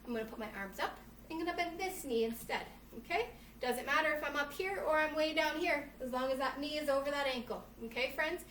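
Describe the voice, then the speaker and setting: A woman's voice: high-pitched, a little fast, fairly bright tone, recorded from a distance. A woman who teaches yoga to children, cheerfully reading a storybook and leading a class, often calling the listeners friends. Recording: roomy echo, faint noise.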